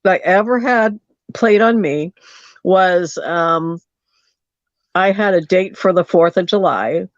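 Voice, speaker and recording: A woman caller telling a story on a late-night call-in show, animated and acting out the quotes. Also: lowish voice, slow, no echo, highs cut off.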